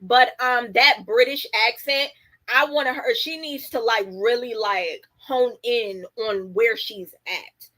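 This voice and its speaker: A woman's voice: a little high, slow, pushed and bright, rough recording. A woman hosting a casual livestream, chatting with lots of fillers and reading viewer comments aloud. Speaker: livestream host.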